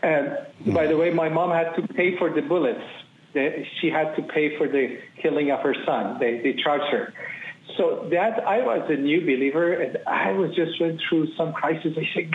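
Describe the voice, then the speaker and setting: A man tells his personal testimony as an interview guest, speaking earnestly and with emphatic repetition. His voice sits a little high for a man. The audio is thin and phone-like, with a roomy echo. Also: moderate pace, slight background noise. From Iran. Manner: earnest, emphatic, repeats phrases for weight. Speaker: ministry leader, interview guest. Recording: tinny phone-like audio in an echoey room.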